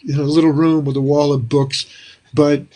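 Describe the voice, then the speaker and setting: An older man tells stories as a guest on a video call from a small book-lined room. His voice sits a little high for a man, and he talks in a chatty, animated way, slipping into the voices of the people he quotes. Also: normal speed. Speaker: interview guest. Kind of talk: casual storytelling in a video call interview. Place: small room with a wall of books.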